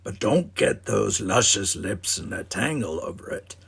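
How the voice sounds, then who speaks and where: A man voicing a vain, smooth-talking male alien flirt who murmurs slowly and seductively. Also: on the low side, animated, fairly bright tone, exaggerated voice.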